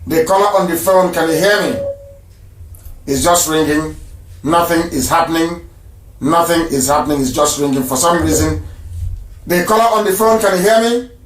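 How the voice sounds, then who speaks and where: High-voiced guy hosting live radio, keeps repeating stuff for emphasis, echoey room. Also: normal speed, long pauses. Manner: emphatic, repeats phrases for stress. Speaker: radio broadcast host. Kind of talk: live radio broadcast with call-ins.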